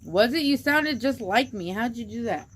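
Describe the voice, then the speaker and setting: A woman's voice: fairly high pitch, lively intonation, moderate pace, slight background noise. A woman chatting casually on a livestream, slangy and joking, a little tipsy.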